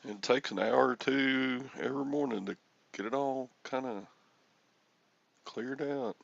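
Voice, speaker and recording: Older man, gravelly crackly voice, husky, slow rambling chat, dull lo-fi sound. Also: mid-range voice, dry recording. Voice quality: crackly, gravelly voice from a morning frog in his throat. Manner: easygoing, rambling, clears his throat often. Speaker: host. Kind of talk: casual chat.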